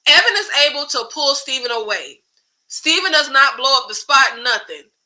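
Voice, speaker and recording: A woman giving a sassy, animated recap of a TV show, acting out the characters' lines as she goes. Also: sits high, rough recording. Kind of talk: casual TV recap commentary.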